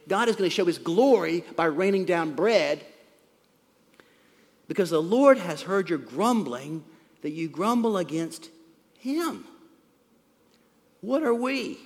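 Guy preaching a sermon, kinda high voice, big long echo like a church hall, gets loud then drops quiet. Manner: animated, swings from loud emphasis to hushed asides. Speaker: pastor.

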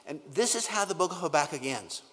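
A man preaching a sermon, earnest and emphatic, often repeating words and dropping from loud stress to a near-whisper. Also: a little high, animated, fairly quick. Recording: long hall reverb.

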